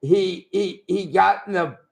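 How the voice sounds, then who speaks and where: This older ex-wrestler has a high-pitched, gravelly voice and talks a little slowly. As a guest in a shoot interview, he meanders through crude, no-nonsense stories.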